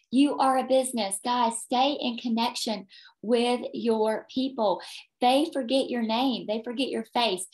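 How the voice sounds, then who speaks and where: Brief: emphatic woman team leader, motivational training talk, video-call sound. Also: on the high side. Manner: emphatic, repeats points, tags "okay?".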